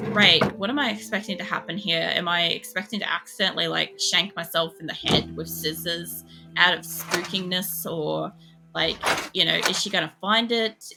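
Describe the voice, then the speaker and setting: A woman's voice: fairly low pitch, gravelly. A young woman streams a game, rambling through stories with a lot of swearing and laughter. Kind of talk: casual live-stream chat while playing.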